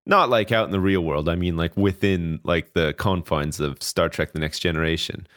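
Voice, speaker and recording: A man's voice: low voice, moderate pace, a bit bright. Rambling, swearing man on a podcast. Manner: rambling, swears a lot, lots of "like". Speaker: podcast co-host. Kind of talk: casual chat.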